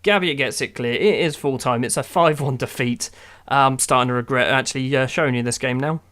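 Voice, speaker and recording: A man's voice: medium pitch, brisk, fairly bright tone. A man giving wry, exasperated play-by-play of his own football management game. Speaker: gaming YouTuber. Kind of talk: casual game commentary.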